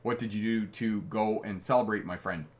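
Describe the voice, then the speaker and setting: On his live stream, this middle-aged driving instructor from Canada reads viewer comments in a friendly, chatty way and chuckles often. His voice is on the low side, with a steady tone and normal speed.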